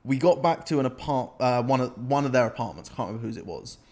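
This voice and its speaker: Young british guy on a podcast, mid pitch, telling crazy stories and laughing a lot. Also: fast. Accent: British English. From Britain. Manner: animated anecdote-telling, laughs often. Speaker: podcast co-host. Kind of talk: casual storytelling chat.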